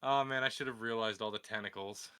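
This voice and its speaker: A man in casual chat, telling a tabletop game story in an animated way, laughing along. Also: fairly low pitch, fairly quick, clear, resonant tone. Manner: animated storyteller, acts out quotes, laughs a lot.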